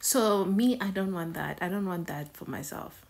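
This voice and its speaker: A woman's voice: on the low side, lively intonation, moderate pace, vocal fry. A woman hosting a reaction video in a casual, conversational way, often repeating words and phrases for emphasis.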